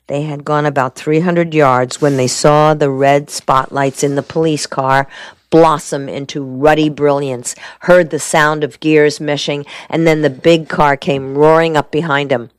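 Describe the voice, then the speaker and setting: A man reading a detective novel and an article aloud in a steady, measured way. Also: a little high, no room sound. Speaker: reader. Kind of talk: audiobook reading.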